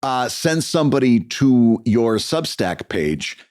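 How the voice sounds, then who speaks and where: A man co-hosting a podcast, a cartoonist casually explaining how he set up his page. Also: slow. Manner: conversational, explaining with lively pitch.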